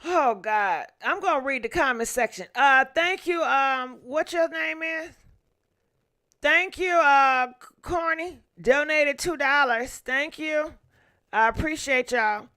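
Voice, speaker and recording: Bright-voiced irritated woman streamer. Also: high voice. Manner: irritated, venting, thanks donors by name; profane, drawn-out thank-yous. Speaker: YouTube livestream host. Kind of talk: casual livestream chat.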